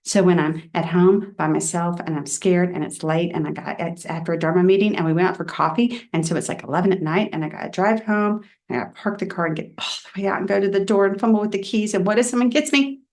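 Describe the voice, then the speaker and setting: A woman reverend giving a personal Dharma talk in a candid, reflective storytelling way. She often drops soft and quiet. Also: on the low side, quick pace, few pauses.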